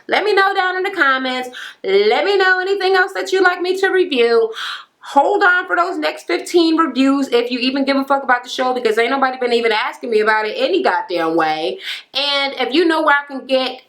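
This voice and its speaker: A woman's voice: high voice, a little fast, fairly bright tone. A woman recapping a reality TV episode in a blunt, slangy, profane casual way. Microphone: camera mic.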